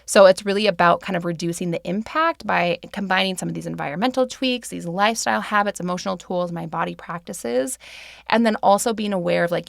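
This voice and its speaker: A woman's voice: medium pitch, gravelly, dry recording, clean studio sound. A woman in her thirties hosting a podcast, talking casually with many fillers and light laughs. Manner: chatty, filler-heavy, laughs easily. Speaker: podcast host and meditation teacher. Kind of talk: casual solo podcast talk.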